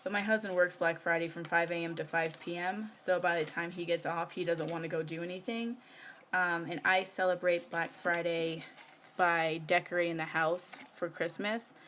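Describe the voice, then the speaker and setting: Woman, thirties, casual rambling live-stream chat, slightly low pitch, faint room noise. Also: fairly even intonation, normal speed, a bit bright. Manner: chatty, rambling, giggly, many fillers. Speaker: planner vlogger. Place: home.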